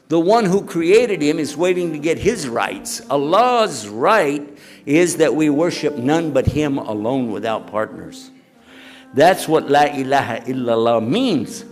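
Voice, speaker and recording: A man preaching to a live audience in an animated, conversational way, often throwing questions back at the room. His voice sits a little high and swings widely in pitch. Soft music plays faintly underneath. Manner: animated, chatty, quizzes the audience. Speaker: Islamic preacher. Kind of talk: lively lecture to a live audience.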